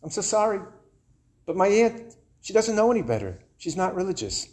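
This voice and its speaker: A man voicing a nervous young boy who stammers and halts, apologizing quietly in a told story. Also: sits high, very animated. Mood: nervous, sorry. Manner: halting, stammering.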